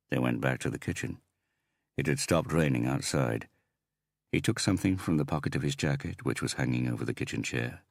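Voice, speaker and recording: A man narrating an audiobook in a measured, even reading. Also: very deep voice, gravelly, dry recording, clean studio sound. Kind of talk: scripted narration.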